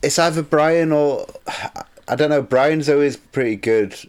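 A man's voice: fairly high pitch, measured pace, a little mellow, smooth. A man co-hosting a casual podcast, rambling and laughing often. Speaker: podcast co-host.

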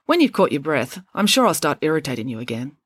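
A woman voices a brainy schoolgirl who explains everything with calm, literal precision. The voice sits low and dry, with no room around it, yet the sentences still rise and fall freely. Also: fast, slightly rough, no room sound, heavily acted. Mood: matter-of-fact. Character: pedantic, clever schoolgirl, matter-of-fact and unflappable. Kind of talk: audiobook character voice.

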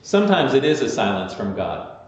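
A man's voice: medium pitch, very animated, fairly quick. A man preaching a sermon as pastor, talking conversationally with fillers and restarts. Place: large echoey church sanctuary. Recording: echoey muffled church recording from far off.

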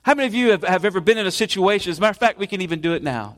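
A man, a pastor preaching a casual, halting sermon full of restarts in a church sanctuary. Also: high voice, lively intonation, a bit bright. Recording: long reverb of a church sanctuary.

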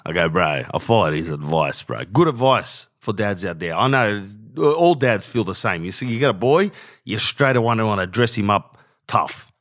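A man's voice: fairly low pitch, animated, normal speed, a bit bright. A man hosting a podcast, rambling casually in slang and saying bro a lot. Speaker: podcast host. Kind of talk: casual rambling monologue with ad read.

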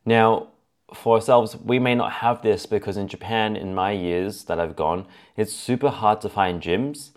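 Brief: low-voiced male fitness coach, chatty solo podcast delivery, sorts his advice into numbered points. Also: a little slow. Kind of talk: casual solo podcast talk.

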